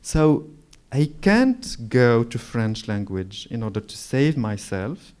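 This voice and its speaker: A Moroccan man in his forties, a native Moroccan Arabic speaker, is an author telling reflective stories on stage at a literary event. Though slow and often pausing or restarting to find words, he is very animated. His mid-range voice sounds clear, resonant, and darkish.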